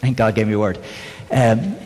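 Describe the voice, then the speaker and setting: A man's voice: on the low side, lively intonation, moderate pace, dark tone. A man preaching a sermon in a conversational way, often asking the congregation questions. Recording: long reverb in a church hall.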